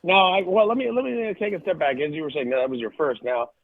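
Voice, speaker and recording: A man's voice: on the high side, very animated, quick pace, dry recording. A middle-aged man co-hosting a podcast, telling stories in an emphatic, casual way and repeating phrases for punch. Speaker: podcast co-host. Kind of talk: casual storytelling chat. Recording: tinny phone-like line.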